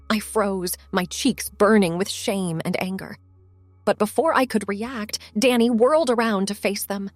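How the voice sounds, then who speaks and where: A woman telling a first-person story in a soft, intimate narrating manner. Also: mid-range voice, a little slow, dry recording, soft background music.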